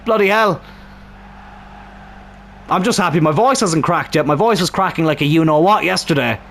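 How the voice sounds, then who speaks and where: A young man commentating his own football video game match, excitable and swearing at the screen, with a strained throat. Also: on the high side, quick pace, vocal fry, a little hiss or hum.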